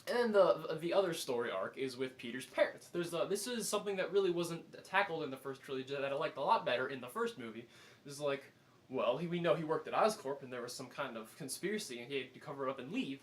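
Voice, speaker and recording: Animated man with a higher voice. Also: fast talker. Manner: animated, filler-heavy, acts out his own reactions. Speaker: movie reviewer. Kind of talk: casual spoken movie review.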